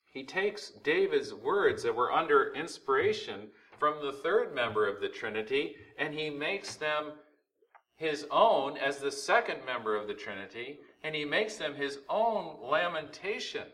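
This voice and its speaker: A man preaching a sermon as pastor, swinging between loud emphasis and hushed, urgent rhetorical questions. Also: a little high, very animated, measured pace, far from the mic, rough recording. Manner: preaching with rising and falling intensity, rhetorical questions.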